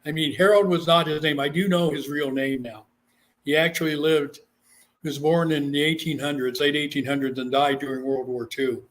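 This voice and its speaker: Speaking at a normal speed in a voice on the high side, a Guamanian psychic medium shares a tale in an informal interview. He stays animated throughout, voicing the people he quotes.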